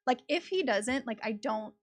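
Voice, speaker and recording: A woman's voice: fairly high pitch, expressive, normal speed. A woman in her thirties, a worried mother giving a rambling public comment at a school board meeting, full of "like". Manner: rambling, worried, filler-heavy. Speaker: parent speaking at public comment.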